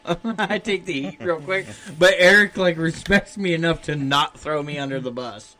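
A man spins a work story for his friends, acting out every quote and cursing freely. His voice is bright and sits a little high. It is a casual podcast chat. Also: a little slow. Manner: swears a lot, acts out quotes animatedly.

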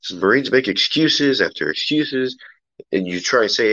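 A man's voice: fairly low pitch, lively intonation, normal speed, a bit bright, no room sound, lo-fi sound. A man venting in exasperation during a casual podcast chat.

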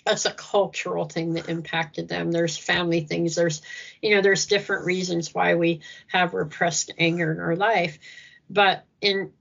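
A woman appearing as a guest speaker on Christian ministry talks earnestly about faith in a conversational interview, lifting her voice as she acts out prayers. Her voice is low-ish, steady, creaky, and fairly bright, at a moderate pace, with the highs cut off.

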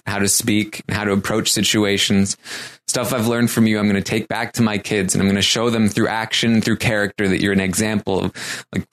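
A man voicing a tearful grown man who pours out heartfelt thanks in a rushed, halting way. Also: fairly low pitch, close to an everyday voice.

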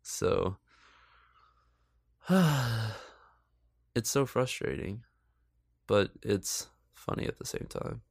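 A man's voice: fairly low pitch, drawn-out words, vocal fry, pauses often, no room sound. A man giving casual, sarcastic movie commentary, swearing freely and laughing often. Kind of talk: casual film review commentary.

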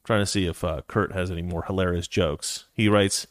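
A man giving casual opinion commentary, sarcastic and animated, reading quotes aloud and reacting to them. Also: sits low, normal speed, no echo. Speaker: commentary host.

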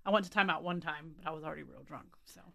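A woman's voice: low-pitched, very fast, vocal fry, sharp tone. A young woman co-hosting a podcast, chatting casually and enthusiastically, with casual swearing. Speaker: podcast co-host. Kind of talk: casual chat.

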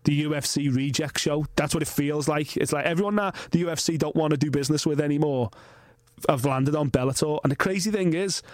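A man's voice: fairly high pitch, brisk, no echo, clean studio sound. A man, hosting a podcast and rambling through a story in a frank way, swearing freely. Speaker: podcast host. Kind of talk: casual chat.

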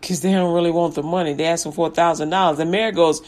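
A woman's voice: on the low side, fairly even intonation, fast talker, a little mellow. A woman teacher retelling a fairy tale in a playful, laughing, slangy way.

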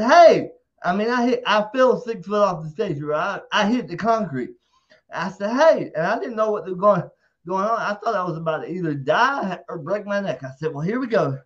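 A man, an interview guest, telling a story casually, swearing freely and acting out what people said. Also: sits high. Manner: profane, animated, acts out quotes. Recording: dull lo-fi audio.

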